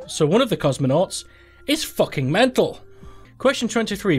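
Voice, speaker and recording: A man's voice: high voice, sing-song, normal speed, darkish tone, husky, faint music behind. A young man hosting a gaming channel, commenting casually and sweary as he plays a quiz game, thinking aloud in disbelief.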